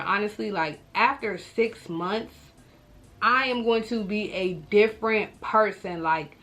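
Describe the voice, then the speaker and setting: A young adult woman telling a personal story to her viewers in a casual vlog, animated and talking straight to them, acting out her own reactions. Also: medium pitch.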